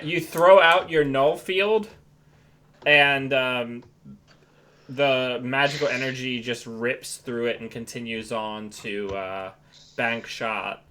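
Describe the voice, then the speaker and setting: A man's voice: mid-range voice, bright, forceful tone. A man narrating a tabletop game as game master, describing scenes loosely with many fillers.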